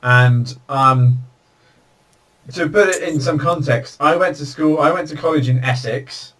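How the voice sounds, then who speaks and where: A man's voice: on the high side, a little slow, fairly bright tone. A man hosting a casual video call chat, telling jokey stories. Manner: chatty storyteller, jokey. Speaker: host. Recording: distant video call audio.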